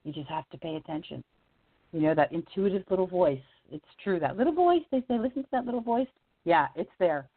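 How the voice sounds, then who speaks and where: A woman, a singer-songwriter guest, telling a personal story in lively casual chat, leaping up in pitch for quoted voices and laughing often. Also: brisk, husky, no room sound. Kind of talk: casual storytelling on a radio interview. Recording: tinny phone line, dry.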